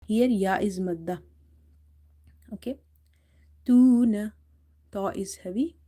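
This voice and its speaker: Warm patient woman teaching recitation. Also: medium pitch, slightly rough. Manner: patient, explanatory, slow drawn-out recitation of each word. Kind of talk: live tajweed lesson, recitation with explanation.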